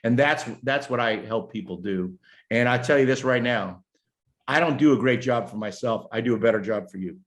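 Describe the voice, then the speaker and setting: A middle-aged American man, a business strategist talking as a guest in a casual interview, animated and jokey with many fillers. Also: mid-range voice, moderate pace. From United States.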